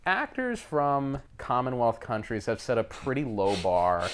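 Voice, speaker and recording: A man co-hosting a casual film-discussion podcast, animated and laughing often. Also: medium pitch, unhurried, noisy background. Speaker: podcast co-host.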